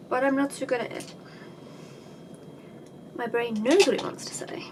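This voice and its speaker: A high-pitched woman talks through her makeup tutorial in a loose, chatty way. She is self-deprecating and slips into dry sarcasm. A clear hum of background noise sits under the home recording. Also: little pitch movement, moderate pace, long pauses. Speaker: beauty vlogger. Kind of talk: casual makeup tutorial chat.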